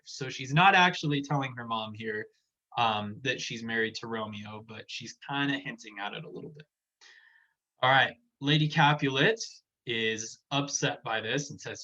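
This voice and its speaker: A man's voice: mid-range voice, moderate pace, bright, forceful tone. A man teaching a class in a casual, chatty way, paraphrasing the text in plain words. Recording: dull lo-fi recording.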